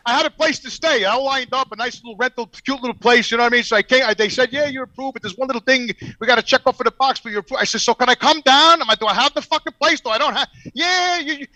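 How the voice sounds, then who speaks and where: A man's voice: very high-pitched, very fast, few pauses, pushed and bright, dry recording. A man with a New York accent, telling a profane story by phone from his truck cab while driving. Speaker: regular guest calling in. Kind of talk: casual storytelling.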